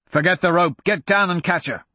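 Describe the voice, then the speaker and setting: An urgent, commanding adventurer man, read by a male narrator in an audiobook, his voice raised and pressing. Husky, dry sound. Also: high-pitched, normal speed, bright, forceful tone, dry recording, voice pushed up.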